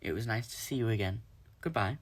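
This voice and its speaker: A man's voice: fairly low pitch, fairly quick, lightly acted. A man voicing a polite female robot mother in a storybook read-aloud, speaking level, precise and formal. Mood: gentle. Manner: level, precise, formal speech without contractions.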